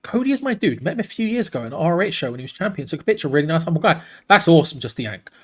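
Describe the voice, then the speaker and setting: A man hosting a live football watch-along. He calls the play excitedly and breaks off to answer viewers in the chat. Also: fairly high pitch, very fast, slightly rough. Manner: excitable, chatty, jumps between play-by-play and reading comments. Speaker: watch-along host and commentator.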